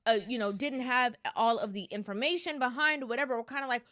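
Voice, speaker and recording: A woman's voice: fairly high pitch, a little fast, bright, forceful tone. A woman co-hosting a podcast, casually explaining a viral clip with lots of "like" and "right?". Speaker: podcast co-host.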